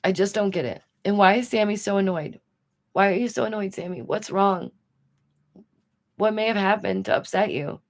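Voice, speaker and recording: Woman streamer riffing to her chat, animated, lots of "ma'am, what?" energy. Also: mid-range voice, creaky. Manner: animated, rhetorical, talks to her audience. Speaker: commentary streamer. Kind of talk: casual commentary stream.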